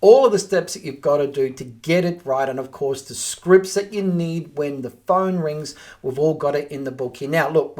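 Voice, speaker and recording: A man's voice: fairly high pitch, a little mellow. A man coaching listeners in a direct, practical way. He walks through sample phone scripts and acts them out as he teaches. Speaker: real estate trainer. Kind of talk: instructional talk to camera.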